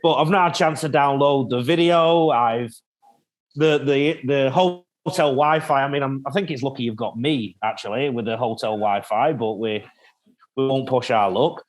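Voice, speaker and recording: An English-accented man talks over a video call from a hotel room. His voice sits at an everyday middle pitch, and he rambles in a relaxed, good-humoured way, poking fun at himself. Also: rough recording. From England. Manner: chatty and jokey, quick to laugh at himself. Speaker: rugby league analyst guest. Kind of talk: casual chat.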